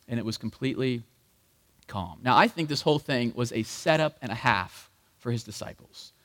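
A man preaching a sermon as pastor, animated and acting out the voices in the story. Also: mid-range voice, gravelly. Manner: animated, acts out voices in quotes. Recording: long hall reverb.

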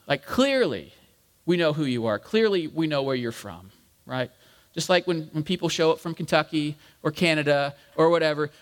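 A man's voice: a little high, lively intonation, moderate pace. A man preaching a sermon in a conversational, explanatory way, with frequent fillers. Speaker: pastor. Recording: long hall reverb.

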